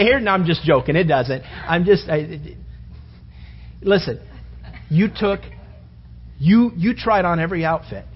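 A middle-aged man preaching a humorous sermon, acting out little scenes in quieter voices. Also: sits high, slightly rough. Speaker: pastor. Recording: dull sound with long reverb in a hall.

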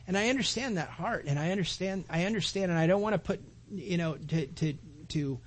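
A man delivers a sermon in a somewhat high, husky voice. He speaks earnestly, repeats key phrases, and swells to forceful, emphatic climaxes before dropping back to a gentler tone. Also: brisk. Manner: earnest preaching, repeats phrases and rises to loud emphatic peaks. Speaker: pastor.

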